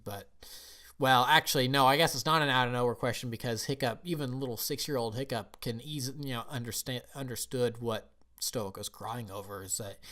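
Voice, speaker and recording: An enthusiastic man retelling a film's story for his review channel, his voice sitting at a middle pitch. He talks casually and keeps restarting his sentences as he goes. Plain everyday delivery, like a fan talking through a favorite movie. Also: fairly bright tone. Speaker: film reviewer.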